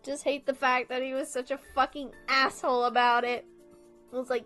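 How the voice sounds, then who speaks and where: A young video creator with a high, sharp voice rants about a film in casual chat, speaking fairly quickly with flat delivery over soft music. Exasperated, she swears often and laughs as she goes.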